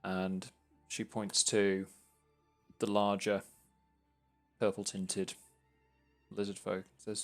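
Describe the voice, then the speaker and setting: A man narrates a tabletop game as game master in a lowish voice. He describes the scene very slowly, pausing often with hesitant fillers, over faint background music. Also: completely flat delivery.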